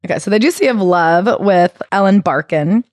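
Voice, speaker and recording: A woman co-hosts a book club podcast, recapping a memoir in casual chat, reading quotes aloud and swearing now and then. Her medium-pitched voice is animated and darkish, at normal speed. The recording is dry and studio quality.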